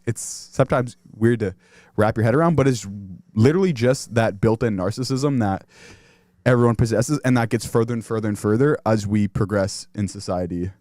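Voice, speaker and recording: A young man muses earnestly in casual podcast chat, his thoughts wandering through plenty of fillers. His voice sits at a middle pitch, recorded dry and close. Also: darkish tone, no room sound. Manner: earnest, musing, heavy on fillers. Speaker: podcast co-host.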